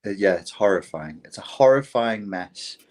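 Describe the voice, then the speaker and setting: A British man co-hosting a casual podcast chat, telling animated, self-mocking stories. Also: lowish voice, normal speed. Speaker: podcast co-host.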